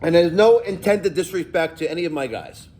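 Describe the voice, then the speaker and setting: A man's voice: a little high, animated, fairly quick, a little mellow, a little hiss or hum. A middle-aged man, a plumbing contractor telling stories and giving advice in a casual, emphatic, profane vlog rant.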